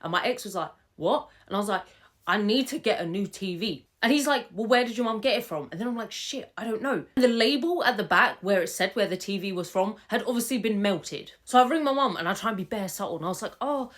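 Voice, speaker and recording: Lively young woman telling a story. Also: medium pitch, fast talker. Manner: animated, laughing, swearing, acts out voices. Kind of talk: casual storytime vlog. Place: home room with fairy lights.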